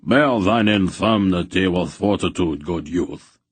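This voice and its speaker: Stiff formal knight guy done by a man, old-fashioned speech, low and husky, measured. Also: no echo. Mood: lofty.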